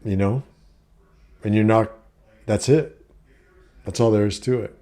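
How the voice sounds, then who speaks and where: Man, middle-aged, low voice, warm mellow tone, casual storytelling vlog, blunt, profane. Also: fairly even intonation, a little slow. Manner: blunt, profane, frequent fillers. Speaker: vlogger giving life advice.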